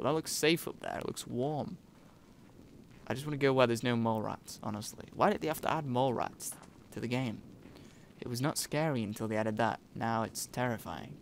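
A young man gives a running let's-play commentary with a gravelly, creaky edge to his voice. He talks in a jumpy, jokey way and swears freely, over a faint hiss in the background. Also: mid-range voice. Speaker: gaming YouTuber.

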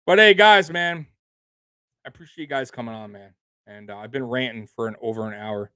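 A man's voice: mid-range voice, big pitch swings, brisk, pushed and bright, clear, resonant tone, no room sound, clean studio sound. A man hosting a sports livestream, angrily ranting as a fan in a profane, repetitive, fired-up way. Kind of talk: angry fan rant on a livestream.

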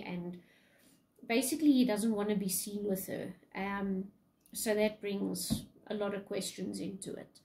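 A woman's voice: medium pitch, fairly even intonation, measured pace, warm tone, low-quality recording. Chatty woman teacher with fillers. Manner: chatty, many fillers and likes. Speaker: English teacher. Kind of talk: casual lesson retelling a play.

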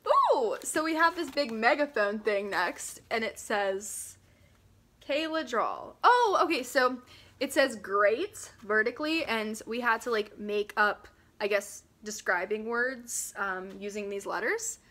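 A woman's voice: a little high, animated, slow pace, pushed and bright. A young woman vlogging in a casual, chatty way, reading her old school papers aloud with giggles and self-mocking asides. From Pennsylvania, US.

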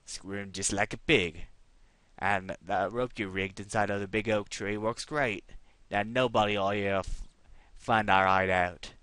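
A man's voice: on the low side, fairly even intonation, unhurried, sharp tone, smooth, no room sound. A man voicing a surly bandit in a video game, gloating to his partner.

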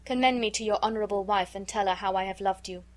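A woman reading the lines of a calm, resigned male merchant in a storybook. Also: medium pitch, quick pace, close to an everyday voice.

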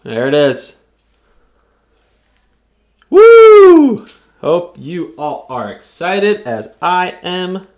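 Excitable man hosting a card break. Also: on the high side, slow. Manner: excitable, whoops at big hits; reads player names off cards. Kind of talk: live card break commentary.

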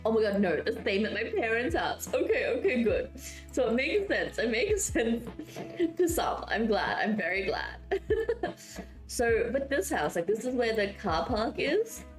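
A chatty woman streamer talks to her viewers while building, giggling freely between thoughts. Her voice still sounds sleepy from waking up, yet her pitch swings up and down a lot. The room has a noticeable echo, with faint music playing underneath. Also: sing-song, measured pace. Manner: giggly and chatty, reading out and answering chat. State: just woke up, voice not warmed up. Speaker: streamer building in a life-sim game. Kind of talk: casual live-stream chat with viewers.

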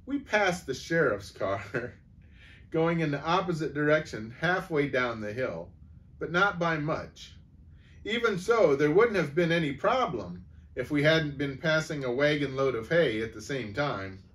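Male storyteller, lively read-aloud delivery, acts out each character. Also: a little high, measured pace. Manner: animated, voicing each character.

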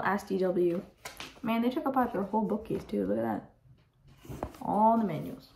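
A woman's voice: mid-range voice, moderate pace, gravelly, low-quality recording. Teen girl reading a storybook aloud. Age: teens. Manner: reads with lively character voices, chatty asides to young listeners. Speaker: reader of a picture book. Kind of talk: read-aloud storytime with asides.

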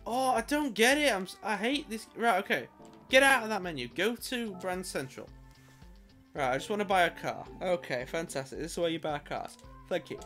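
A man's voice: high-pitched, animated, normal speed, sharp tone, soft background music. A British man giving let's-play commentary on a video game, muttering with exasperated, sarcastic remarks and the odd swear word. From Britain. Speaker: gamer and video creator.

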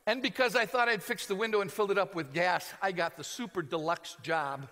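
American pastor guy, high bright voice, big hall echo, goofy storytelling. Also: brisk, hardly any pauses, a little hiss or hum. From United States. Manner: animated, shouting and laughing through a story. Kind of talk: comic sermon storytelling. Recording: long hall reverb.

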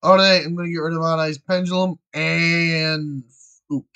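A man talks loosely over his gameplay, narrating his moves between jokes. His voice sits high with a bright, sharp edge. The tone is casual and irreverent, with frequent swearing. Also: little pitch movement, normal speed, smooth. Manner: chatty, jokey, swears freely. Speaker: gamer.

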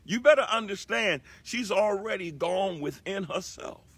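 A man with a high, husky voice delivers an inspirational talk on a live broadcast. He preaches emphatically, and his pitch swings widely as he repeats his key lines. The tone is bright and intense. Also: lively intonation, a little slow, no echo. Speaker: broadcast host.

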